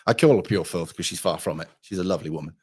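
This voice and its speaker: A man's voice: low-pitched, rapid-fire, a little mellow, breathy edge. A hungover man, hosting a livestream and chatting crudely, swearing and rambling. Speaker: livestream host. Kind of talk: crude casual chat.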